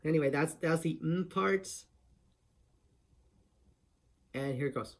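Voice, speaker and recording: A man takes it slowly and pauses often as he explains a voice impression tutorial. His pitch is slightly raised, his tone casual, and he tends to restart sentences.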